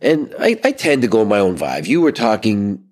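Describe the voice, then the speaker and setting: A man's voice: fairly low pitch, huge pitch swings, moderate pace, darkish tone. A man co-hosting a podcast, telling a story in a loose, rambling way full of fillers, sitting outdoors by a pool. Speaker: podcast co-host. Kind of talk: casual storytelling chat.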